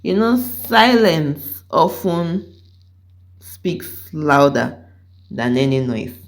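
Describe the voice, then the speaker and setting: A woman hosting her commentary channel, speaking slowly and ominously. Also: sits low, big pitch swings. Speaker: channel host. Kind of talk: dramatic commentary narration.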